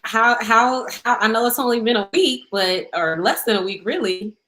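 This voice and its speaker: A woman co-hosting a casual podcast, asking questions and reacting in a relaxed way. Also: a little high, moderate pace, low-quality recording. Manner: relaxed, asks questions and reacts with short remarks. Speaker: podcast co-host. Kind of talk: casual chat.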